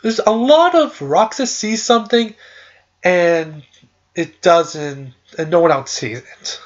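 A podcast host walks slowly through a game's story in a mid-range voice, keeping it loose and chatty. "Like" and "uh" pop up often, and the audio quality is dull.

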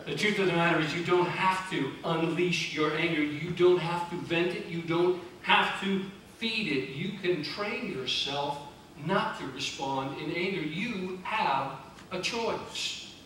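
High-voiced preacher in an echoey church. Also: male voice, unhurried, fairly bright tone. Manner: conversational, emphatic preaching with repeated phrases. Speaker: pastor. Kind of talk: sermon. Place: church sanctuary. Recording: very echoey church from a distance, faint noise.

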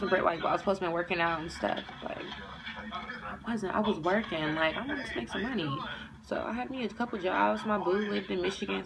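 A young woman in a neck brace telling a story in an animated, profane, casual way and acting out everyone's voices. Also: medium pitch, gravelly, rough recording. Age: young adult. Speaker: vlogger.

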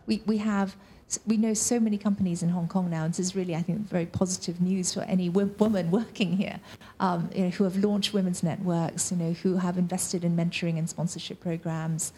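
A woman's voice: on the low side, little pitch movement, a little fast, warm tone, slight background noise. A woman answering on a discussion panel, hesitant, with many "you know" fillers and restarts. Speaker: panel speaker.

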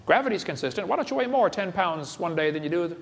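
Speaking fast with a high-sitting voice and lively intonation, a creationist lecturer entertains a live crowd in a large hall. He cracks jokes and quizzes the audience with asides; the recording carries long hall reverb and a faint hiss.

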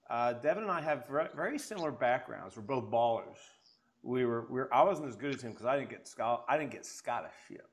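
A man hosting an interview show, chatting casually and enthusiastically, often restarting his sentences. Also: mid-range voice. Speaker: podcast host.

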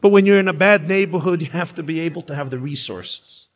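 A rabbi preaches to a live audience, building points through stories and drawn-out pauses. His voice sits somewhat high for a man and turns emphatic on key lines. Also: low-quality recording. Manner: emphatic storytelling with dramatic pauses. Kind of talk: live inspirational sermon.

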